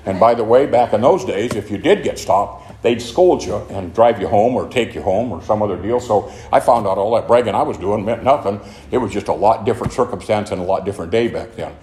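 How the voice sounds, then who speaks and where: A man's voice: lowish voice, mellow. An older man telling his own story at a recovery meeting, earnest and rambling. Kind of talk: personal testimony talk. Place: meeting room of a club. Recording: echoey room, faint noise.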